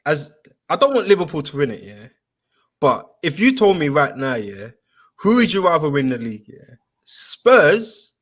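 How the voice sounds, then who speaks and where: A man hosting a casual football chat, telling stories in an animated, slangy way with lots of fillers. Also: fairly high pitch, moderate pace.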